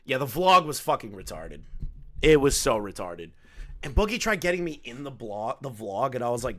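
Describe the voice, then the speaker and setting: A man's voice: mid-range voice, big pitch swings, normal speed, sharp tone. A man commenting casually on a clip and telling stories, loose and profane, laughing often. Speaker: commentary streamer.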